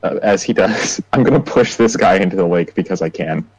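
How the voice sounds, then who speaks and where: A young man playing a tabletop game, making joking quick asides, heard through a dull, dry lo-fi mic. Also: sits low, a crowd in the background. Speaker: player. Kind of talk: casual tabletop play.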